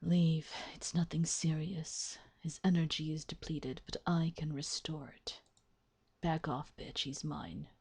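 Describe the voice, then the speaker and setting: A woman's voice: low-pitched, fairly even intonation, slow pace, creaky, a little mellow, breathy edge, no room sound, voice pushed down, full character voice. A woman voicing a cold, possessive immortal man in a visual novel, speaking in terse, clipped commands. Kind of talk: reading a visual novel aloud.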